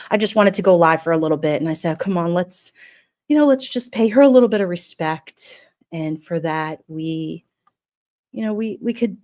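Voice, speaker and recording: A woman with a slightly low voice talks casually on a livestream. Her words ramble and loop back, full of feeling and on the edge of tears. She stops now and then to read chat comments aloud. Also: a little mellow. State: emotional. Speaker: livestream host. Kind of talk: casual livestream memorial talk.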